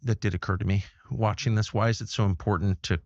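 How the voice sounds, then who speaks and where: Gravelly man asking rhetorical questions. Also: lowish voice, fairly even intonation, quick pace, a little mellow, no echo, muffled recording. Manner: incredulous, with rhetorical questions and chuckles. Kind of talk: conversational interview.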